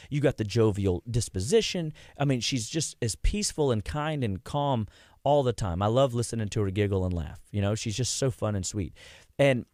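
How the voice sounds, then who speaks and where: A man's voice: medium pitch, no echo, clean studio sound. A man guesting on a radio show, talking casually about heart health and acting out stories of his patients. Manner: animated storyteller, acts out quotes.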